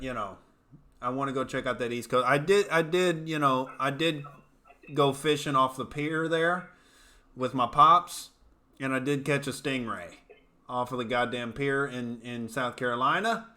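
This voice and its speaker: A man's voice: medium pitch, steady tone, unhurried, pushed and bright. A man hosting a comedy commentary show, talking in a brash, profane, joking way. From United States. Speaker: comedian host. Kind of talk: casual commentary show chat.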